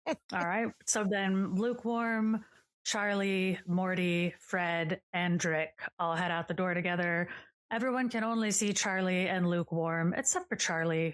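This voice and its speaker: A woman runs a tabletop game, narrating scenes casually with plenty of "kinda" and "um." Her voice sits a bit low. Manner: casual, storytelling, filler-heavy. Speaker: game master.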